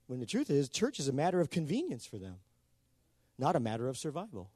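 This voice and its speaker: A man preaching a sermon in an animated way, calling on the congregation for answers. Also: on the high side, quick pace, no echo, clean studio sound. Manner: animated, calls for responses from the congregation.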